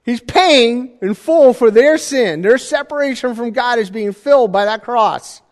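Man, sermon, conversational, jokey asides, high voice, long hall reverb. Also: animated, unhurried. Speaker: pastor.

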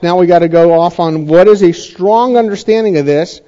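A pastor explains scripture in a relaxed, mellow tone, his voice sitting fairly high for a man. He talks conversationally, repeating key points and asking whether his listeners are following. The recording sounds dull and slightly lo-fi. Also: normal speed, few pauses, smooth. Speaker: pastor teaching a Bible study. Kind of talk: sermon-style Bible teaching.

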